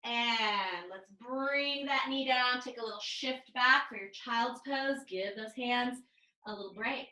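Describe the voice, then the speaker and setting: A woman teaching a live online mat pilates class, calmly cueing each move and breath over a video call. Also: fairly high pitch, takes it slowly, echoey room, poor audio. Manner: calm step-by-step cueing with breath counts. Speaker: pilates instructor.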